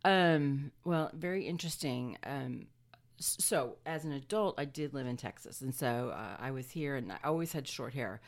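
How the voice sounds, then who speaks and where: A woman from Latin America and the Caribbean talks as a podcast guest, thoughtful and dry-witted. Her voice sits very low for a woman. She pauses with ums as she gathers her thoughts. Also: lively intonation. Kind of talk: casual chat.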